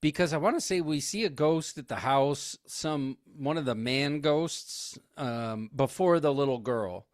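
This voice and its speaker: A man co-hosts a podcast, recapping a film in a casual, animated way. He slips into quick acted-out quotes as he tells it. The sound is dry and close. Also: on the high side, no echo. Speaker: podcast co-host. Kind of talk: casual movie recap chat.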